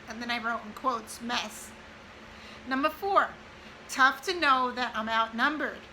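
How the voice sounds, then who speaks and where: A woman in her forties, a mother, reads an old handwritten list aloud, speaking slowly and crying at moments. Her voice sits high and sounds very bright. A faint hiss sits under the recording. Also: rough recording. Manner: tearful, pausing to compose herself. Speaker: mother of triplets reading her old notes. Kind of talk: casual vlog, reading a list aloud.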